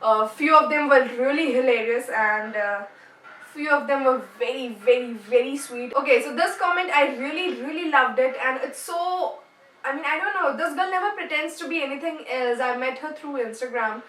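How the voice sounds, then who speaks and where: Young indian woman, high bright voice, playful vlog chatter, echoey room, distant camera mic. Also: moderate pace. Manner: chatty and playful, mixing in Hindi words. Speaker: YouTuber announcing a giveaway winner. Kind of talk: casual vlog talk to camera.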